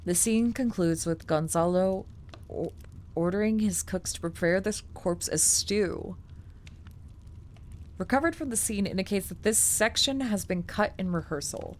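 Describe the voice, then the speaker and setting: A woman's voice: mid-range voice, measured pace, slight background noise. A woman streamer reading a document aloud, breaking off into chatty, filler-heavy asides and casual swearing.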